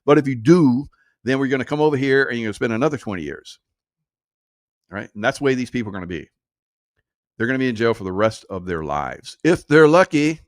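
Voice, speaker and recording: A man's voice: mid-range voice, lively intonation, fast talker, long pauses. A man with an ordinary mid-range voice runs a casual political commentary show. His tone is sarcastic and mocking, and his reactions are full of short chuckles. The sound is close and dry, with no room echo.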